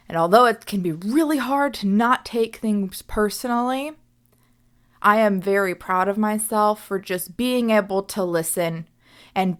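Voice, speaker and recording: A woman's voice: medium pitch, fairly bright tone, clear, resonant tone. A young woman hosting a reflective solo podcast as a coach, speaking earnestly and often checking in with "right?".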